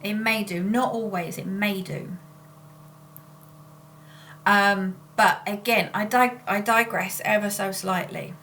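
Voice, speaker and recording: A woman's voice: medium pitch, fairly even intonation, slow pace, long pauses, pushed and bright. A woman, chatting casually on her vlog in a rambling way, often breaking off to correct herself. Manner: rambling and self-interrupting. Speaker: spiritual channeler and vlogger. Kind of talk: casual chat.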